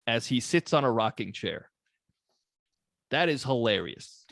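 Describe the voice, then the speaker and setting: A young man with a gravelly, creaky voice co-hosts a podcast, keeping it relaxed and jokey with frequent laughs. His pitch sits in the ordinary middle for a man. The recording is dry and close. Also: unhurried, dry recording. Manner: laid-back, laughs often, swears freely. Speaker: podcast co-host. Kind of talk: casual joking chat.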